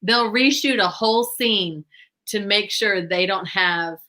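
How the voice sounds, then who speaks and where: A woman's voice: mid-range voice, slow. A woman, hosting a casual chat and telling stories with lots of laughter. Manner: animated storyteller who laughs often. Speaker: host.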